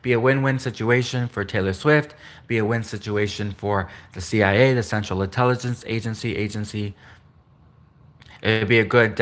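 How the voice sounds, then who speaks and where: A man's voice: lowish voice, a bit bright. A man hosting a solo livestream, talking in a rambling way, restarting and repeating himself and chuckling at his own slips. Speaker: livestream host.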